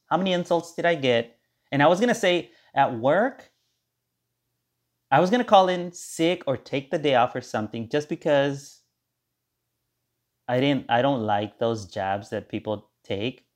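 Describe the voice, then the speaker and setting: A man hosting his own podcast, talking in a rambling, sarcastic monologue and slipping into mock-cheerful voices of others. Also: mid-range voice. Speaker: podcast host. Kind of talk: casual monologue.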